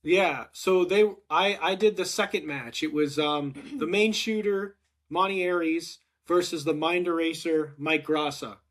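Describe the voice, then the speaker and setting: High-voiced man telling a lively story. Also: a little slow. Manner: animated, acts out quotes with rising excitement. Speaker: podcast host. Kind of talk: casual storytelling chat.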